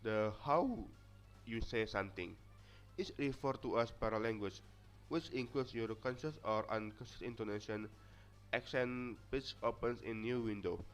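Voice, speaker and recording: A young man gives a class presentation at a moderate pace, reading from notes and frequently tripping up and starting again. His medium-pitched voice carries an Indonesian accent, as Indonesian is his native language. It's recorded in dull lo-fi quality.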